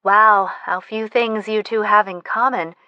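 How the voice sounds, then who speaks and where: A petite, quick-witted young woman, voiced by a female reader trades wry remarks in an audiobook. The sound is dry and close, with a middling pitch. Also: steady tone, dry recording, dull audio, close to an everyday voice.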